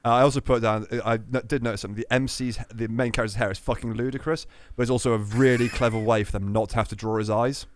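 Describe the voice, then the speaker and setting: A man's voice: medium pitch, fast talker, hardly any pauses. A man, co-hosting a casual podcast chat, swearing freely and reading out his own notes. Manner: swears often, reads out his notes, animated. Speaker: podcast co-host.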